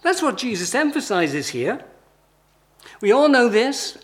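High-voiced preacher, conversational. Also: male voice, very animated, unhurried. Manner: conversational, rhetorical questions, emphatic lists. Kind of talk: sermon.

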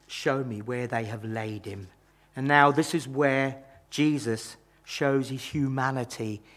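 A man preaching a sermon, retelling a Bible story with dramatic rises and hushed drops. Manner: dramatic, rises and falls in pitch and loudness.

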